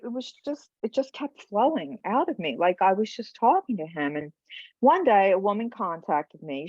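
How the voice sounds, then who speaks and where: Animated storyteller woman, muffled and dry. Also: on the low side, no room sound. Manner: animated, acts out other people's words. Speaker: guest, bereaved mother. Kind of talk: emotional personal storytelling. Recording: dull lo-fi podcast audio.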